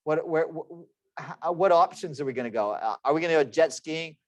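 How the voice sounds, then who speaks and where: Speaking briskly in a slightly high voice, a male lecturer in his forties runs an online class full of chatty, joking asides at his own expense. He's recorded on a computer microphone with no echo.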